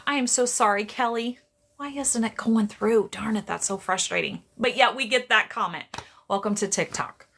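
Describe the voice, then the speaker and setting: A woman's voice: a little high, moderate pace, creaky, fairly bright tone. A woman doing psychic readings on a live stream, chatty and rambling, often breaking off to greet viewers by name. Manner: chatty, restarts a lot, talks to viewers by name.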